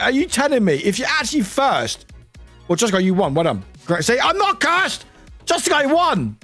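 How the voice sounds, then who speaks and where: A man casually chatting with viewers on a live stream, animated and chatty, laughing often and exclaiming loudly. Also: high voice. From United Kingdom.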